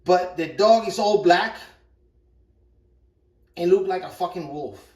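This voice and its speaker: A man's voice: sits high, slow pace, a little mellow. Middle aged guy rambling and cussing while he cooks, kinda far from the mic. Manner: rambling, profane, repeats himself. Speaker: vlogger. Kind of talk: casual storytelling while cooking. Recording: echoey room, mic far off.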